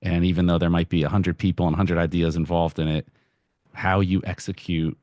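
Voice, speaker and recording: A man's voice: low-pitched, little pitch movement, fairly quick, darkish tone, no room sound, studio quality. A man interviewing a guest, thinking aloud and paraphrasing the guest's points before asking. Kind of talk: casual interview.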